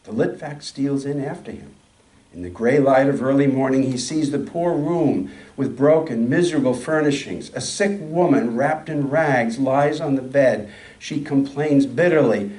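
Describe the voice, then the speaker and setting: A man's voice: mid-range voice, moderate pace, darkish tone, far from the mic. Man reading a story in an echoey hall. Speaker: speaker. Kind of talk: sermon with a read-aloud story.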